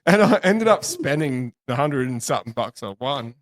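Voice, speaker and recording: A man's voice: mid-range voice, big pitch swings, moderate pace. A young Australian man hosting a podcast, telling rambling crude stories, swearing freely and laughing a lot. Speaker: podcast host. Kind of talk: crude casual banter.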